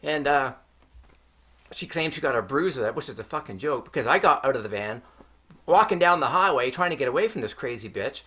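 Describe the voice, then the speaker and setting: A man's voice: mid-range voice, lively intonation, brisk, pushed and bright, breathy edge. A middle-aged man from Canada, telling a personal story to his vlog in a heated, profane rant full of swearing. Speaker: vlogger.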